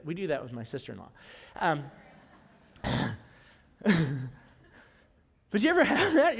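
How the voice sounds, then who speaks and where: A male pastor with a high voice preaches a conversational sermon. He talks to the congregation casually and slips humorous asides between points. His words ring out with a long reverb through the church sanctuary. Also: sing-song, normal speed, pauses often.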